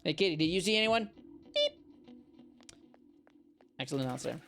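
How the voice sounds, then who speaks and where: Gravelly, lively streamer joking over gameplay. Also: medium pitch, very fast. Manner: joking, reads game dialogue aloud in voices. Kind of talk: casual live gameplay chat. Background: faint game music.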